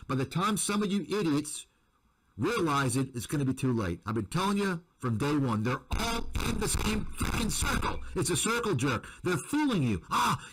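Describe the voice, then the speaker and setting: A man's voice: fairly high pitch, a bit bright, poor audio. A man, an investment commentator, delivering a combative, repetitive rant to his viewers. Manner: combative, repetitive, name-calling.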